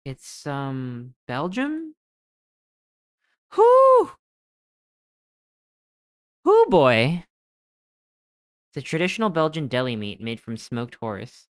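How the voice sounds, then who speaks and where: A streamer giving excitable live gameplay commentary, thinking aloud while guessing and swearing often. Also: medium pitch, measured pace, hardly any pauses, clean tone, no room sound, studio quality.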